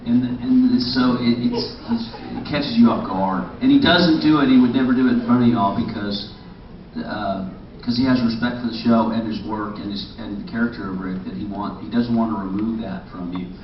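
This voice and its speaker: A man's voice: fairly low pitch, moderate pace, a little hiss or hum. A middle-aged man telling rambling stories on a convention panel, restarting his sentences often. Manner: rambling anecdotes with many restarts. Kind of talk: casual panel storytelling. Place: large convention hall. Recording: echoey hall, far, dull and muffled.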